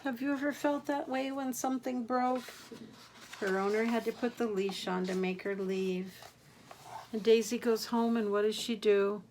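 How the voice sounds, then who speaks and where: An older woman, a grandmother, reading picture books aloud to children in a gentle, expressive way, gasping and asking them questions. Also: a little high, normal speed, slight background noise. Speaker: grandmother storyteller.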